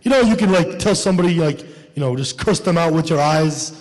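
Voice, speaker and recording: A man performing stand-up comedy, telling a story in an animated way and acting out the dialogue. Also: a little high, fairly quick, in a large hall.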